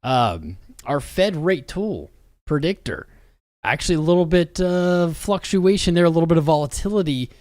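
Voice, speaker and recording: Worn out from a long day, this young crypto livestreamer still rambles on with slangy, hype-driven commentary. His fairly high, darkish-toned voice is animated and moderately paced, captured in a clean studio with no room sound.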